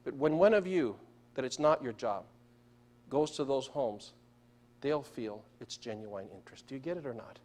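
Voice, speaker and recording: In a church sanctuary, a man preaches a sermon, telling stories and putting questions to the congregation. His voice sits mid-range and sounds a little mellow, expressive and paced moderately, with slight background noise. Spanish is his first language.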